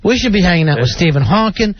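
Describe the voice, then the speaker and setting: A man co-hosting a comedic talk radio show, ranting sarcastically and loudly. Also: high-pitched, sing-song, fast talker. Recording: dull lo-fi radio recording.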